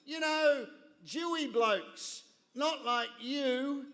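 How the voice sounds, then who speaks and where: A man voicing a blunt, friendly Australian country stock agent with a broad Australian accent and a loud, drawling delivery. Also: extremely high pitch, drawn-out words, pitched above the performer's own voice, exaggerated voice. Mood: blunt, cheery. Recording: reverberant hall.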